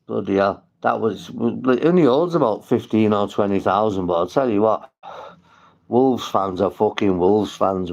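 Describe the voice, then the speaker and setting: Northwest english bloke rambling on a livestream, sweary, gravelly voice, muffled lo-fi sound. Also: male voice, deep voice, a little mellow. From St Helens, England. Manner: rambling, sweary, talks straight to viewers. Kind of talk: casual livestream chat.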